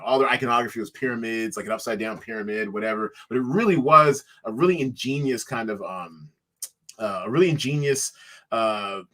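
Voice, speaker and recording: Guy rambling through a story in an interview, lots of ums and restarts, bright sharp tone. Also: mid-range voice. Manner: rambling storyteller, many fillers and restarts, laughs easily. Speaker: guest, company founder. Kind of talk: casual interview talk.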